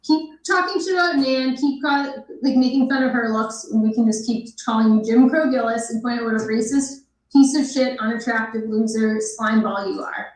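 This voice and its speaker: A woman tears into someone during live reaction commentary, full of mockery and profanity. Her voice sits slightly high. The sound is echoey and roomy. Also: fairly even intonation, normal speed. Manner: mocking, profane, scornful. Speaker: commentary host.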